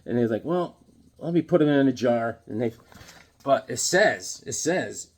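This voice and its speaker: A man casually shows off his comic books in an enthusiastic, rambling way, full of restarts and filler words. His loudness swings as he leans toward and away from the mic. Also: mid-range voice, animated, unhurried. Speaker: comic book reviewer. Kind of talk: casual comic book show-and-tell.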